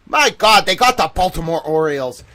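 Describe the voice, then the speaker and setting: A man hosting a livestream in casual chat, animated, exclamatory and jokey. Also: a little high, moderate pace. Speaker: livestream host.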